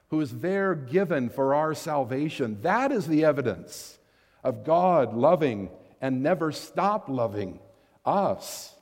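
Slow-preaching man in a reverberant hall. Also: fairly high pitch, lively intonation, darkish tone. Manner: earnest, emphatic preaching with dramatized quotes. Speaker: pastor. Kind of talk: sermon.

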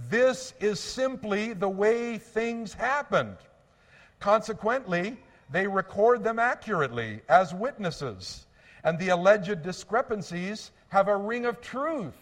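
A man preaching a sermon in an earnest, measured way, slowing down to stress key phrases. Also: high-pitched, in a large hall. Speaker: pastor.

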